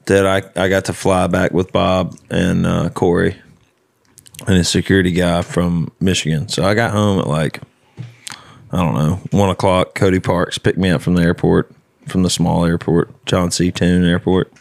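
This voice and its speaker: Deep gravelly man chatting loosely. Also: flat delivery, normal speed, no echo. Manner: teasing, laid-back, swears freely. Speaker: podcast host. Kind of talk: casual chat.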